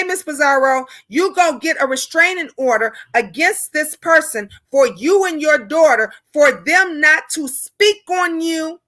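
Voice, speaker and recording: A woman's voice: very high-pitched, bright, forceful tone. A woman hosting a live stream, ranting in a fiery, preachy way and repeating rhetorical questions to her viewers. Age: older.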